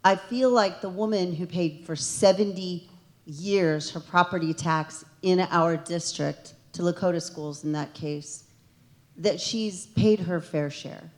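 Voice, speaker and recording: A woman's voice: fairly low pitch, unhurried. A woman state representative giving an earnest, emotional town hall speech that builds to emphatic peaks. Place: township meeting hall.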